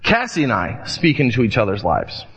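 A man's voice: lowish voice, normal speed, husky. Man preaching in a reverberant church. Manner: animated storytelling, acts out voices in anecdotes. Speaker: pastor. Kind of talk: sermon. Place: church sanctuary. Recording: long church reverb, dull lo-fi sound.

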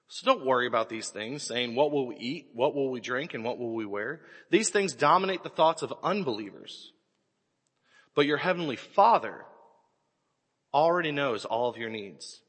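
Animated preacher in an echoey hall. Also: male voice, medium pitch, moderate pace, husky. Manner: animated storytelling, bursts into shouts. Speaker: pastor. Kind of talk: sermon. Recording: echoey hall with long reverb.

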